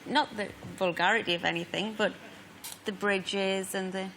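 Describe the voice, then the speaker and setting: A chatty woman with a Geordie accent, giggling through her stories as a talk-show guest. Her voice sits at a middling pitch, with clear noise in the studio recording. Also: steady tone, moderate pace. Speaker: singer guest.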